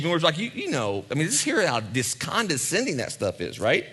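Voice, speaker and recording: A man's voice: fairly high pitch, huge pitch swings, brisk, few pauses, a bit bright, breathy edge. A male pastor preaching a sermon in a conversational way, with asides and repeated lines for emphasis.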